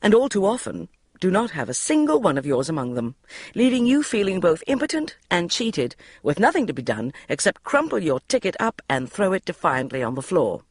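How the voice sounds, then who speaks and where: A woman reading a first-person diary audiobook in a wry, expressive way. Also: on the low side, brisk, breathy edge, dry recording, studio quality. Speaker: audiobook narrator.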